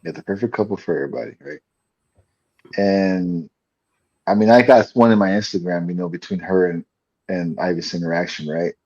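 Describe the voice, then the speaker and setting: Deep husky man on a dull mic. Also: a little mellow. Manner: rambling, halting, full of fillers. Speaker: podcast co-host. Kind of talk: casual chat.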